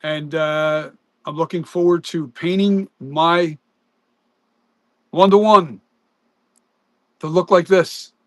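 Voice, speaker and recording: A man chats casually on a live stream about his mask work. He rambles, trails off and restarts his sentences. His voice sits fairly high, and the sound is dry with no room echo. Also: steady tone, takes it slowly, long pauses, fairly bright tone.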